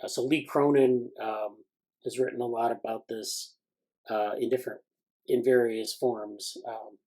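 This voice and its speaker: Guy running an academic video call, mid-pitched voice, lots of ums, reads bits out then chats about them. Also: steady tone, a little slow, a little mellow, low-quality recording. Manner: hesitant, many fillers and restarts; reads passages aloud, then comments informally. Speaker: meeting host reviewing newsletter items. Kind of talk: casual academic meeting talk, reading excerpts aloud.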